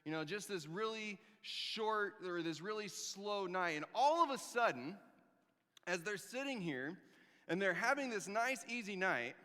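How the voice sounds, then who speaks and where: A man with a high, bright, ringing voice preaches in a church hall, where his words trail off in a long reverb. He tells the story with lively humor and wry, sarcastic asides. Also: unhurried. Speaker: pastor. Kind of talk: sermon.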